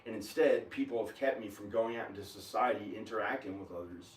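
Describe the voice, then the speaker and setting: A man with a somewhat low voice talks in a rambling, agitated way, stopping often with fillers. He is recorded at home in an echoey kitchen, away from the mic, with faint noise behind him. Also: a little fast. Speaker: video maker. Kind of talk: rambling monologue. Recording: echoey room, camera far from the mouth.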